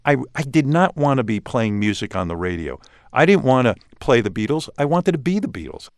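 An older man with a New York accent who speaks in a lively, swinging pitch as he tells stories in an easy, self-mocking interview manner. The studio sound is dry and close. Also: fairly quick, dry recording. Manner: animated, self-mocking storytelling with frequent restarts. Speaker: radio host as guest. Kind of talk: casual interview talk.

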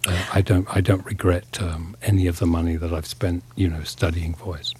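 Male actor guest from England: deep, husky, reflective, unhurried. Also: little pitch movement, a little mellow. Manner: thoughtful, measured, searching for words. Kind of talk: reflective interview talk.

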